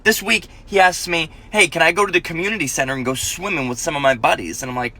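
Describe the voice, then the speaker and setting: In a fairly high, pushed and bright voice, a comedian in his thirties rattles off profane stories about his children at a quick pace. He rants, swears heavily, and imitates his kids' voices.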